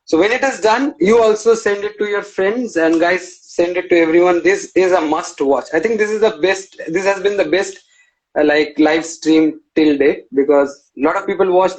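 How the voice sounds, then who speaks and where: A man with a fairly high voice hosts a live-stream interview, chatting casually and informally. He strings his thoughts together with fillers and restarts. The sound comes over a live video call. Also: rough recording. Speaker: interview host.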